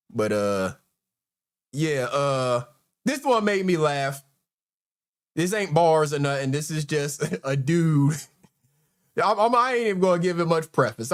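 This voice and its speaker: A man hosting a casual livestream chat, laid-back and chuckling often as he talks to viewers. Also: medium pitch. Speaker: livestream host.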